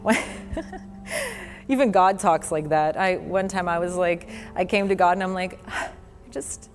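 Slow-preaching woman in a reverberant hall. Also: on the low side, animated. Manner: earnest, conversational preaching with laughs and quoted scripture. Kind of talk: sermon. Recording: long hall reverb with faint music.

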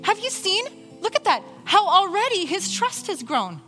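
A woman preaching a sermon in an animated way, voicing Bible figures in short quoted lines. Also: extremely high pitch, normal speed, soft background music. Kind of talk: sermon with worship music.

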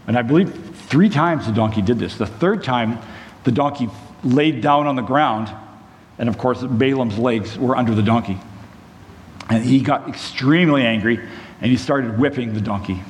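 A man preaching, retelling a Bible story in a relaxed conversational way with side notes to the listeners. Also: medium pitch. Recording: long hall reverb, faint room noise.

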